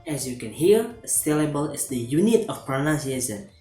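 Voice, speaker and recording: A man giving a student's lesson presentation, reading steadily from a script with some halting restarts. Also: on the high side, sing-song, darkish tone. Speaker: student presenting a class assignment. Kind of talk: read-aloud lesson presentation. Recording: roomy echo with faint music behind.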